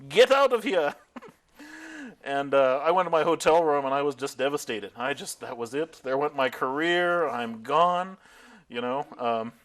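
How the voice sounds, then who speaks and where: A middle-aged man in an interview, recalling his career as an animated storyteller who laughs often and acts out what others said. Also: medium pitch, normal speed. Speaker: interviewee, tech founder. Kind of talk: oral history interview.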